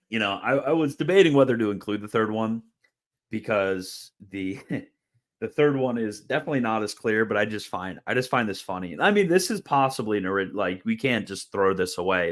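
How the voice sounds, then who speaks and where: Low-voiced man giving a chatty lecture. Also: fairly bright tone. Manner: chatty and informal, repeats words and restarts phrases. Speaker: host of a theology video channel. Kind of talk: casual explanatory video lecture.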